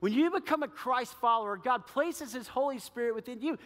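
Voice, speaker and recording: A man preaching a sermon as pastor, animated and acting out little quoted voices. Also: very high voice, brisk, long reverb tail. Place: church sanctuary.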